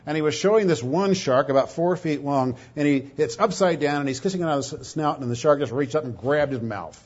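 Emphatic preacher, man, lo-fi. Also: brisk. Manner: emphatic, stretches key words, swings from loud to low; stumbles and repeats words. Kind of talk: sermon. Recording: dull lo-fi recording.

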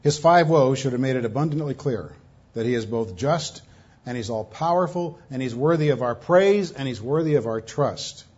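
A man's voice: medium pitch, lively intonation, moderate pace, a little mellow, slightly rough, lo-fi sound. A man preaching a sermon, reading scripture aloud with emphatic stresses. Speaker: pastor.

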